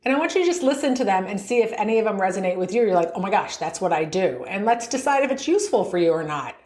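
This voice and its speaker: A woman's voice: mid-range voice, animated, rapid-fire, darkish tone, echoey room. Laughing, upbeat woman golf coach. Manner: upbeat, laughs often, acts out inner voices. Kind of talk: podcast coaching talk.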